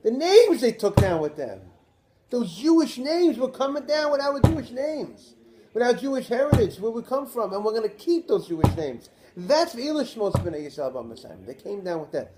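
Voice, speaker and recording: A man, a rabbi, giving a Torah class lecture in an animated way, posing rhetorical questions to his listeners. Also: very high-pitched, moderate pace, noisy background.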